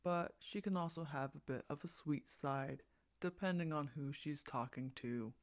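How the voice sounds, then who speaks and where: A man's voice: fairly high pitch, moderate pace, no echo. An American man rambling casually about a casting call, hesitant and full of fillers and restarts. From United States. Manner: meandering, hesitant, with many fillers and self-corrections. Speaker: fan project creator running a voice casting call.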